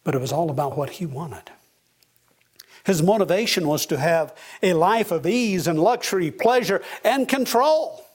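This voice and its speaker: A man's voice: high voice, lively intonation, moderate pace. A man preaching a sermon as a pastor, earnest, his voice rising for emphasis.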